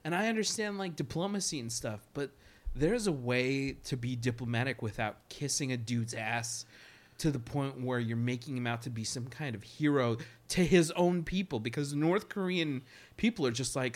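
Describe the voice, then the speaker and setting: A man hosting a casual podcast chat, talking emphatically and swearing freely, his pitch climbing when he gets worked up. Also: normal speed. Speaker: podcast host.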